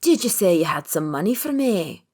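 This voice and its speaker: A woman putting on a rasping menacing junkie man. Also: fairly low pitch, big pitch swings, normal speed, darkish tone. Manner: menacing, pushy. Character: rasping thin male junkie in his fifties.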